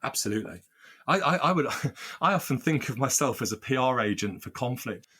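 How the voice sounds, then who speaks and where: A man's voice: mid-range voice, lively intonation, a little fast, sharp tone, breathy edge. A man working as a workplace mediator, answering interview questions earnestly, often repeating words as he restarts and building lists of phrases.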